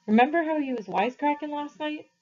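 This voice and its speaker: A woman's voice: sits high, quick pace, mellow, pitched above the performer's own voice, natural voice. Female reader doing a homesick teen boy, earnest and pleading, storybook read-aloud, dull sound. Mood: wistful. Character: earnest fourteen-year-old boy, homesick. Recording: slightly muffled, dull recording.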